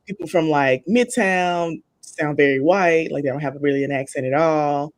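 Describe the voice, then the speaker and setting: A man's voice: fairly high pitch, moderate pace, no echo, studio quality. A man from Memphis with a Memphis accent, chatting casually and explaining with lots of fillers. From Memphis, Tennessee. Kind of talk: casual chat.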